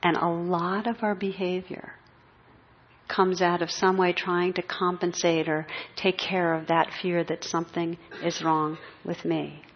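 Woman meditation teacher, lowish voice, gentle pacing, dull muffled recording. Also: little pitch movement, a little slow, slight background noise. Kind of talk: spiritual talk.

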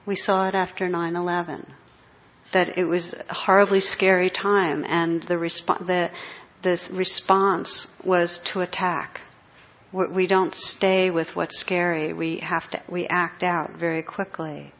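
A woman giving a spiritual talk as a meditation teacher, speaking gently and reflectively with pauses. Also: fairly low pitch, level tone. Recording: dull muffled recording.

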